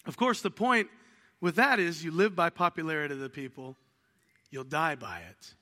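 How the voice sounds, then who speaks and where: Bright high-voiced man preaching a sermon. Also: normal speed, big-room sound. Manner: animated storytelling, acts out household dialogues. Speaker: pastor.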